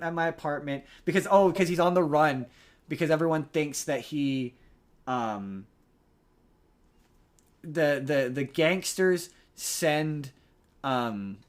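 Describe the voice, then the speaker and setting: A young adult man hosting a podcast, casually recapping a movie plot in a rambling way. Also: mid-range voice. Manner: rambling, many restarts and fillers. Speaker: podcast host.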